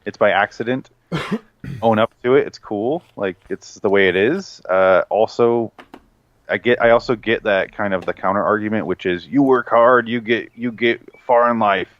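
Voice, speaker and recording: A man's voice: lowish voice, normal speed, a bit bright, no echo, muffled recording. A man hosting a podcast, talking bluntly and swearing through opinions. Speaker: podcast host. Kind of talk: casual chat.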